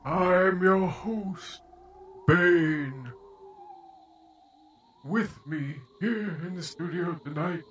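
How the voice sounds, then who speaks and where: A man hosting a podcast chat while voicing the masked villain Bane in a slow, creepy, theatrical way. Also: high-pitched, fairly bright tone, a little hiss or hum, exaggerated voice. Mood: grandiose. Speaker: host.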